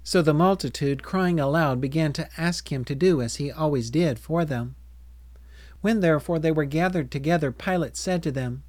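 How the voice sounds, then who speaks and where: A man reading scripture aloud in a measured, deliberate narration. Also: a little high, a little mellow, no room sound. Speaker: scripture reader.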